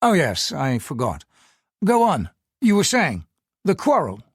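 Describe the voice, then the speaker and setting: A man puts on a brooding older colonial governor, his voice pitched up and swinging widely. He speaks in a clipped, upper-class way with a husky edge. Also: wildly swooping pitch, unhurried, no room sound, studio quality, exaggerated voice. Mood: brisk, clipped.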